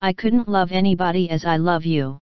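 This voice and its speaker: A loyal, earnest little girl, simple and sincere, as a woman reads her in an audiobook. The voice is low-set and very smooth, recorded dry with a dull, lo-fi edge. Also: moderate pace, no room sound, lightly acted. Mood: tearful. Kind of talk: audiobook reading.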